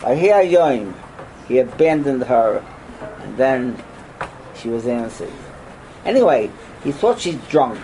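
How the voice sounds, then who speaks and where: An older man teaching a Torah class as a rabbi, animated, firing off rhetorical questions and breaking into sudden loud outbursts. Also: medium pitch, takes it slowly, pauses often, slight background noise, poor audio.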